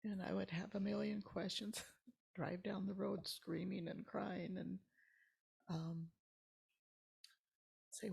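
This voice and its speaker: Older woman, gravelly and husky, halting emotional storyteller, slips into near-whispers. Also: mid-range voice, little pitch movement, a little mellow. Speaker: church member guest. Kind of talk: personal storytelling interview.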